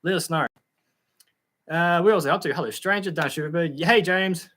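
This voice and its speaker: A man's voice: on the high side, normal speed, fairly bright tone. A young Australian man hosting a casual live stream, chatting in a friendly way with many fillers and greeting viewers by name. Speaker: YouTube channel host reading live chat.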